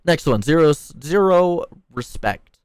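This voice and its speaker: A man's voice: fairly high pitch, expressive, measured pace, a little mellow, clear, resonant tone, no echo. A young man worker ranting heatedly about management, swearing often and turning sarcastic. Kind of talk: angry ranting monologue.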